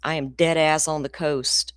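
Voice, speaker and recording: A woman's voice: sits low, fairly even intonation, measured pace, smooth, no room sound, studio quality. A middle-aged woman, hosting a casual true crime livestream in a rambling, profane, ranty way.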